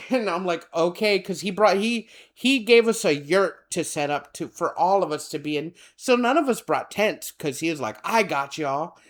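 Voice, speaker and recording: A man's voice: sits high, normal speed, hardly any pauses. A man, co-hosting a podcast and telling a rambling story in casual chat, acting out the people in it. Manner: rambling, animated, acts out quoted people. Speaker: podcast co-host.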